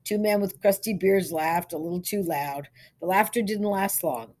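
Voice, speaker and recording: A woman reading a short story aloud as scripted narration, in a measured storytelling manner. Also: fairly low pitch, a little mellow. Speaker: story reader.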